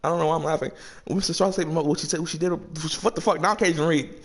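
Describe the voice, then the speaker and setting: A man's voice: fairly high pitch, steady tone, racing. A man playing through a story game, reading the lines aloud and chatting in a casual, giggly way with lots of swearing and slang. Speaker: game streamer. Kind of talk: let's play, reading game dialogue aloud. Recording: game music playing behind.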